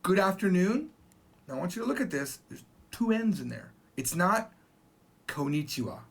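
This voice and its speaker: A man in his forties giving a casual spoken language lesson, chatty and emphatic, repeating phrases slowly for practice. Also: sits high, big pitch swings, vocal fry. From Japan. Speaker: language teacher.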